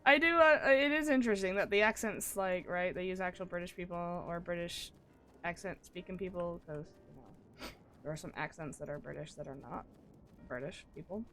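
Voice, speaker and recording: A woman's voice: lowish voice, normal speed, a bit bright, slight background noise. Chatty American woman streaming a game. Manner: chatty, rambling, self-deprecating jokes. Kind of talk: casual live-stream commentary while gaming.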